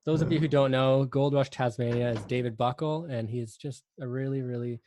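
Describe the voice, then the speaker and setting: A man's voice: mid-range voice, steady tone, brisk, dark tone, a little hiss or hum. Laid-back male guest, average voice, chuckles a lot. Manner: laughing, easygoing. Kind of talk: casual live chat.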